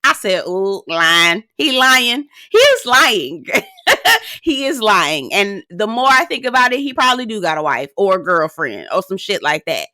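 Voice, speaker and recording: A woman's voice: mid-range voice, normal speed, no room sound, studio quality. A woman casually recapping a reality dating show, sassy and blunt, swearing freely and acting out what the cast said. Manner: acts out cast quotes in a lively storytelling tone.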